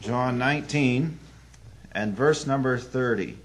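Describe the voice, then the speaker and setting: A man preaching an evening sermon, telling a story earnestly, with sudden swings between loud emphasis and hushed drops. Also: medium pitch, takes it slowly.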